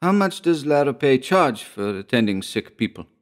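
A man's voice: mid-range voice, very animated, moderate pace, voice pushed up, lightly acted. A thin, hesitant peasant pleads and bargains in a lifted, nervous voice, done by a man narrating the tale. He stammers and wheedles, always counting his coins. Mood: pleading. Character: stingy, hesitant peasant farmer son.

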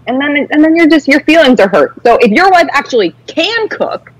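A woman's voice: high voice, big pitch swings, brisk, poor audio. A woman co-hosting a talk show, chatting in a self-mocking, chatty way. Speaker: co-host. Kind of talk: casual chat.

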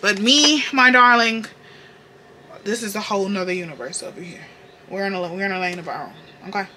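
A young beauty vlogger from North Carolina, with a Southern accent and a brisk mid-range voice, chats through her makeup routine as if talking to friends. She's bright, forward and sassy, using playful slang and cheerful swearing. She sounds close to the mic in a room at home, with a little hiss or hum.

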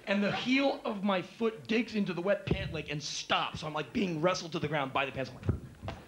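A man tells comic stories on stage at a live spoken word show. He talks in a slightly raised pitch and is animated, dropping to mutters and then bursting out loud. A faint hum sits under the live recording. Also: a little fast. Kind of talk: comedic storytelling monologue.

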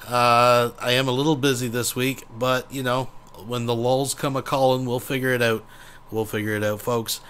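A channel host wraps up his show in an easygoing, folksy way. He is a man with a voice of ordinary pitch, speaking in a relaxed tone. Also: normal speed, clear, resonant tone. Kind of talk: casual sign-off.

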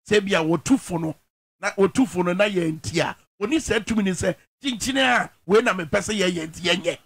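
A man's voice: sits high, fairly quick, fairly bright tone, husky, dry recording, clean studio sound. A man with a Ghanaian accent hosting a political talk show, probing his guest in a mix of a local language and English. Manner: probing, backchannels often.

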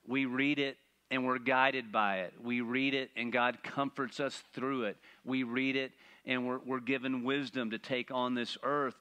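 A man preaching a sermon, animated and playful, asking the congregation rhetorical questions. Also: medium pitch. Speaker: pastor.

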